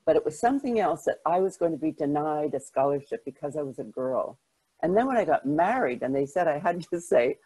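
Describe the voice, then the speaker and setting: An older woman, a journalist, answers interview questions with lively anecdotes, stumbling restarts and self-deprecating laughter. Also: deep voice, brisk, slightly rough, low-quality recording. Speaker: guest, journalist.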